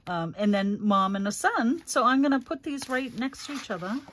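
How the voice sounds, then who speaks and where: A woman's voice: on the high side, animated, normal speed, a bit bright. A middle-aged woman hosting a crafting livestream, chatting casually and fondly, calling viewers honey and rambling with many fillers.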